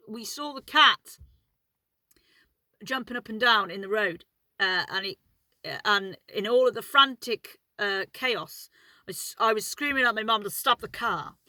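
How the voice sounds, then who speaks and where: A woman's voice: mid-range voice, normal speed, bright, forceful tone, no room sound, low-quality recording. A woman telling a story in a casual vlog from inside her car, chatty and rambling, swearing freely. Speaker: vlogger.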